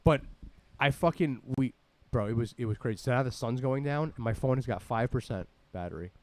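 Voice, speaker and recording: A man casually telling a rambling, animated story full of swearing, as a podcast host. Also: mid-range voice, brisk.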